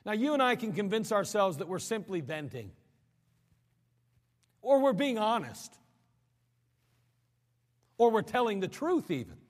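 A man preaching a sermon, swinging between raised emphatic lines and sudden quiet drops, often repeating words as he builds a point. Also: high voice, big pitch swings, unhurried, long pauses. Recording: long hall reverb.

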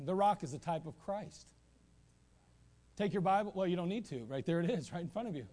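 A male pastor preaching a sermon in a church, animated, with asides and repeated phrases. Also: fairly high pitch, normal speed. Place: church sanctuary.

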